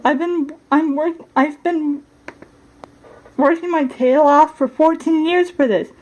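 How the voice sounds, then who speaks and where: A woman's voice: high voice, voice pushed up, rough recording. A woman voicing a frustrated young pop star in a doll storybook reading, talking in an emphatic, exasperated way.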